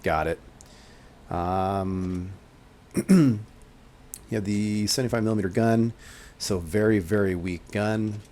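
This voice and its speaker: Low-voiced man musing over gameplay. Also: slow pace, long pauses, darkish tone. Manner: musing, thinking aloud with frequent hedges; explains mechanics to newcomers. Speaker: game channel host. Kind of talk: gameplay commentary.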